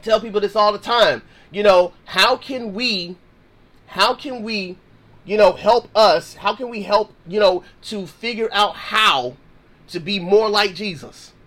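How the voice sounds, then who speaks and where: A man's voice: high-pitched, a little slow, fairly bright tone. A man hosting a Christian podcast, teaching in a slangy, conversational way and acting out sample prayers. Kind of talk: casual Bible teaching.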